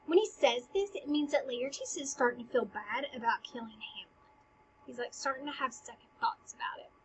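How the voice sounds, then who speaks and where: A woman with a high voice retells a classic play in casual, chatty words. She talks like a teacher, dropping "like" and little laughs as she explains the plot. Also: moderate pace, slight background noise, poor audio.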